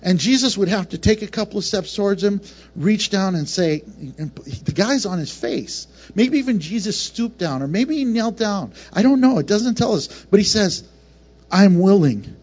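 A man preaching a passionate sermon as pastor, with laughs and quick acted asides between points. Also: sits high, darkish tone, breathy edge, lo-fi sound.

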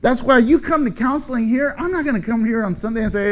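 A man in middle age preaching from the pulpit with a high voice. He is animated, swinging from loud bursts to soft, low asides and playing out the voices in his stories. He speaks as a pastor to his congregation. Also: fairly quick, hardly any pauses. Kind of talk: sermon.

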